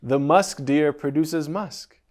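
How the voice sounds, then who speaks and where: A man's voice: a little high, slow, a little mellow. A man voicing a cunning, defiant little male hare while telling a teaching story. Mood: insistent.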